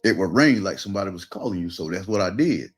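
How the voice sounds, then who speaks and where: Southern georgia guy, lowish voice, just telling his story laid back, faint music under it. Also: quick pace, slightly rough. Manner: relaxed storytelling with quoted voices. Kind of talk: casual storytelling.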